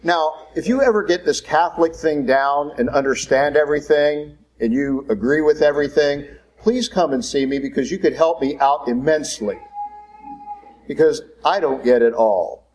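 A man's voice: on the high side, normal speed, poor audio. Conversational male preacher. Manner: conversational storytelling, animated. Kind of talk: sermon.

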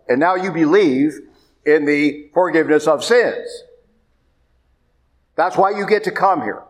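A man preaching a sermon as a priest, emphatic and repeating his points. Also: on the high side. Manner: emphatic, repeats points, rises sharply when pressing.

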